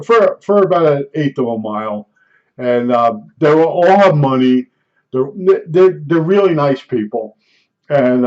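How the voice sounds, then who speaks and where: An older man vlogger tells meandering stories in casual chat, often restarting sentences and chuckling at his own anecdotes. His voice is mid-range with a darkish tone, captured in a dull lo-fi recording.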